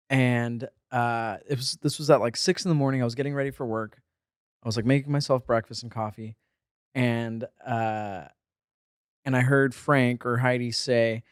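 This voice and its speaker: A man's voice: medium pitch, dry recording, studio quality. A man co-hosting a casual podcast, an actor and comedian who tells stories loosely and acts out what other people said. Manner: animated storyteller, acts out quoted voices. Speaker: podcast co-host. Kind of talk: casual chat, storytelling.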